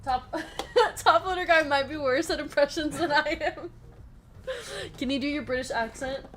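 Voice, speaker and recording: Her voice sits high and a bit bright, animated but a little slow, with some hiss or hum in the recording. She's running a live trading card break, giggling often between card calls, chatting away as she announces pulls and reads the chat.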